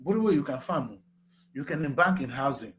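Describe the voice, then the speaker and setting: A middle-aged man with a Nigerian accent giving passionate political commentary, repeating himself and rising to shouts. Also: medium pitch, lively intonation, quick pace, a little hiss or hum. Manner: fiery, repetitive, rising to shouts. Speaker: current affairs show host.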